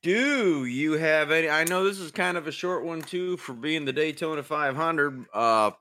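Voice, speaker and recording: A man's voice: on the high side, moderate pace, sharp tone. A man co-hosting a racing podcast in casual chat, easygoing, asking questions and searching for words. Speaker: podcast co-host.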